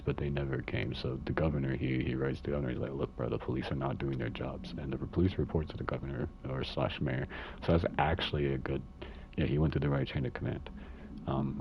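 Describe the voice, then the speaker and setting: A man's voice: very deep voice, creaky, lo-fi sound. A young man streaming a game, casually reading in-game letters aloud with laughing, swearing commentary.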